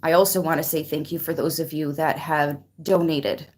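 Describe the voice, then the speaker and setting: Woman, tarot channel host, casual livestream chat, near tears, grateful, somewhat low voice. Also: steady tone, normal speed. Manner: emotional, grateful, greets viewers by name.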